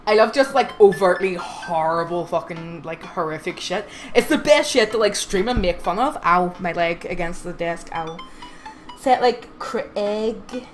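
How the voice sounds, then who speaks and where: A woman's voice: medium pitch, expressive, normal speed, faint music behind. A young woman streaming a game live, reading the dialogue aloud and commenting in a sardonic, swearing way.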